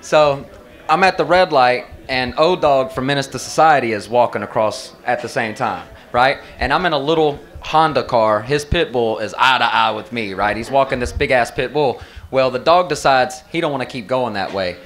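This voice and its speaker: A man's voice: mid-range voice, moderate pace, a bit bright. A man in his thirties from the American South with a Southern accent, doing a profane, loose stand-up set at an open mic. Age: 30s. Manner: loose, profane storytelling with drawled asides. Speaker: stand-up comedian. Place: bar open mic stage.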